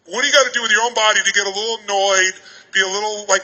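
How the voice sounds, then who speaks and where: High, bright-voiced man commanding a huge crowd. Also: fairly even intonation, low-quality recording. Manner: commanding, rapid-fire questions. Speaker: motivational speaker. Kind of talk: seminar talk to a large crowd. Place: large arena.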